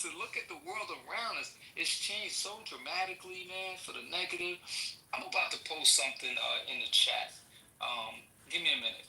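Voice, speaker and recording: An exasperated man venting in a live voice chat, swearing often and stumbling over repeated restarts. His voice is bright and a little high. He is heard from a distance in a roomy space. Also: lively intonation, moderate pace, slight background noise. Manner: exasperated, profane, many stammered restarts. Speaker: participant in an online political chat room. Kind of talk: heated casual chat.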